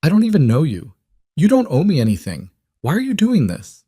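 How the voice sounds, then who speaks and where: A man voicing a poor young frontier woman who talks in a guarded, flat way that rises when she is pressed. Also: lowish voice, normal speed, no echo, studio quality. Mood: defensive.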